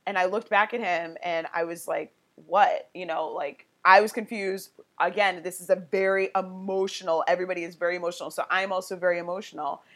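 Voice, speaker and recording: A woman's voice: fairly low pitch, fairly even intonation, fairly quick, hardly any pauses, fairly bright tone. A woman guest on a podcast, telling a personal story in a candid, conversational way full of "like" and "you know". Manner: candid and emotionally open.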